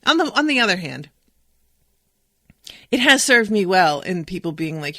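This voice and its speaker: Animated chatty woman podcaster. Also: on the low side, normal speed, pauses often, dry recording, studio quality. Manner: chatty, animated, swears freely. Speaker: podcast host. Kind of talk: casual solo book discussion.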